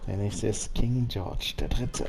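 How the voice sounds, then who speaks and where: A male gamer giving a relaxed, amused let's play commentary. His voice is low and gravelly, with fry in it. Game music plays clearly behind him. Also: fairly quick.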